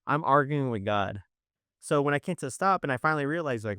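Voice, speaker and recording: A man's voice: medium pitch, fast, fairly bright tone, smooth, dry recording, clean studio sound. A man giving a personal faith testimony, earnest and storytelling, acting out the voices of people he quotes. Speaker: testimony speaker.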